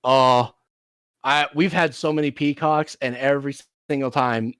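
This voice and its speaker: A man's voice: medium pitch, fairly even intonation, unhurried, a bit bright, clean tone, dry recording, studio quality. A man hosting a casual stream chat, rambling through stories with restarts and frequent swearing. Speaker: streamer host.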